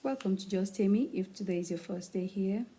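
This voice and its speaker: A woman hosting her own channel, reading a children's picture book aloud in a slow, expressive way with playful asides. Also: mid-range voice, low-quality recording.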